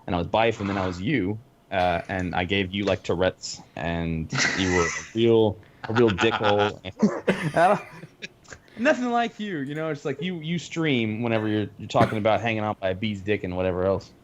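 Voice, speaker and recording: A man's voice: fairly low pitch, brisk, highs cut off. An Australian man in casual gaming chat, stammering with laughing asides. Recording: audible background hiss.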